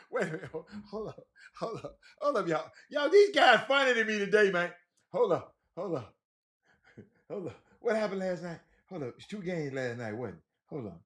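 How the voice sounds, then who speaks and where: A man's voice: high voice, moderate pace. A man hosting a livestream, talking basketball in a loose, teasing way and answering his chat. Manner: animated, teasing chat readers, repeats phrases. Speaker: livestream host. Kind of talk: casual basketball talk on a livestream.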